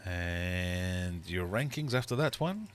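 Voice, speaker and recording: A man's voice: low-pitched, animated, slow, slight background noise. A middle-aged man hosting a casual livestream quiz from his fish room, chatty and jokey as he reads out questions and scores. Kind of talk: casual live quiz chat.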